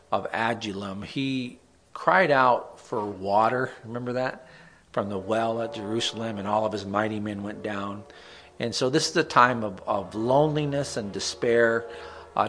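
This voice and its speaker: Male Bible teacher, husky, lowish voice, reads scripture aloud, then unpacks it in an easygoing, conversational way. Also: a bit bright. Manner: unhurried, reads verses aloud, then explains them plainly.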